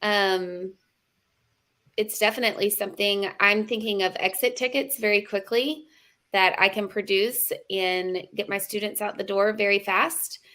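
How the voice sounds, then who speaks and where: A woman's voice: medium pitch, steady tone, measured pace, sharp tone. A woman teacher chatting in a demo, affirming and encouraging as she explains how she would use it in class. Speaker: teacher guest. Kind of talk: conversational co-host reactions.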